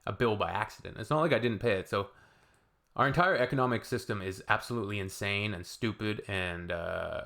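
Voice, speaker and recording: A man from Canada giving casual reaction commentary, rambling with halting restarts and blunt asides. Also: lowish voice, creaky, a bit bright. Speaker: reaction video creator.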